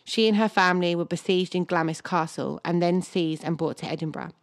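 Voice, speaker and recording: A low-pitched woman reads a grim history tale aloud at a steady podcast pace. Her voice sits close and dry on the mic, with no room sound. She drifts into casual banter between the scripted passages. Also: fairly quick, no echo. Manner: reads from a script, laughs often, unsure of place names. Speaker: podcast co-host.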